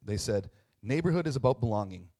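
A man in his thirties preaches a relaxed, conversational sermon as the pastor of a small church. He talks in a mid-range voice, stumbles and restarts often, and tosses in "right?" to check in with the room. He pokes fun at himself along the way. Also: mid-range voice, fast. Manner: chatty, tag questions, frequent restarts; self-deprecating humor.

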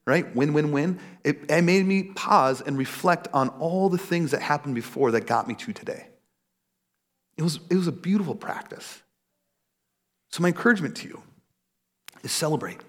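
A man in his thirties preaching a casual, animated sermon, acting out little quotes. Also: normal speed. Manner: animated, acts out quotes in a high voice. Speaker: pastor.

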